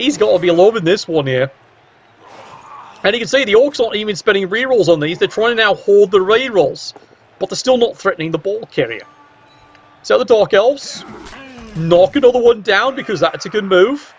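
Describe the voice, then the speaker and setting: High, cheeky male commentator. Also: lively intonation, normal speed, dull audio, slight background noise. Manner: cheeky, sardonic asides with sudden pitch jumps. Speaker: game commentator. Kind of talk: play-by-play commentary of a video game match.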